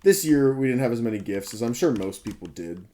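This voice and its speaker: This man in his twenties, a gaming video creator who's been awake all night, rambles casually over his gameplay, correcting himself often and cursing freely. His mid-range voice is dark in tone, animated, and fairly quick.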